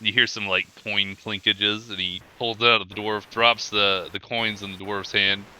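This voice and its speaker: A game master sets each scene in loose, rambling description full of fillers. His voice sits low but bright and clear. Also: flat delivery, moderate pace. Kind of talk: narrating a tabletop game.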